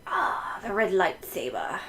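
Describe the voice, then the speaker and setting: A woman hosting a casual livestream, chatting while she decorates, laughing often and filling pauses with ums. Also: mid-range voice, sing-song, fairly bright tone, a little hiss or hum, poor audio. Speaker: livestream host.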